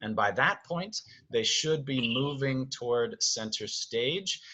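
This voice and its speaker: This theater director talks his cast through blocking from home, chatty throughout, singing music cues and repeatedly checking "okay?". His medium-pitched voice has lively intonation and a sharp tone, he speaks slowly, and the audio is poor.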